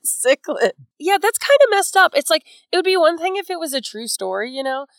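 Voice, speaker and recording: A woman's voice: high voice, sing-song, fairly quick, no room sound. A woman co-hosting a casual book chat, talking in a chatty way full of "like" and "you know". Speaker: podcast co-host.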